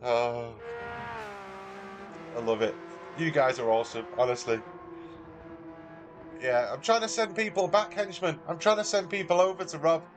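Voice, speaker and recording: A man's voice: fairly high pitch, steady tone, normal speed, pauses often, music in the background. A man with a Mancunian accent, chatting casually with viewers on a live stream and reading out their messages in a matey way. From Manchester, England. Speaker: livestreamer.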